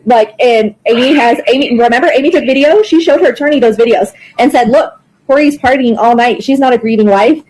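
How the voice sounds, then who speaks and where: High voiced woman, really upset, swearing a lot, casual private chat. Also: a little fast, few pauses, a little mellow, low-quality recording. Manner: emotional, swearing, exclaiming. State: upset and distraught. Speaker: widow in a recorded private call.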